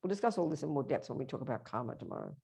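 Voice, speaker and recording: A woman's voice: a bass voice, sing-song, very fast, creaky, mellow, slightly rough. A woman teaching a Buddhist workshop, speaking emphatically and directly to her audience.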